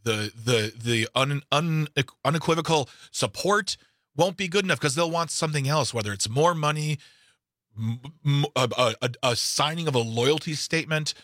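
A man's voice: a little high, moderate pace, a bit bright, no echo, studio quality. A man co-hosting a talk radio show, speaking in a sarcastic, opinionated way and often stumbling over and restarting his words. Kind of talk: casual opinionated radio chat. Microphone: studio microphone.

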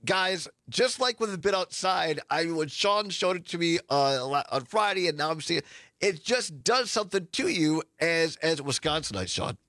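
A man's voice: on the high side, animated, moderate pace, bright, forceful tone, no echo. A male host on a live show, presenting guests with enthusiastic promotional delivery.

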